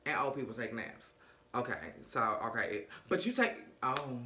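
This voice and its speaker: A man's voice: mid-range voice, sing-song, moderate pace, pushed and bright, slight background noise. A man recapping reality TV in casual commentary, sassy, gossipy and full of cursing. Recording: echoey room.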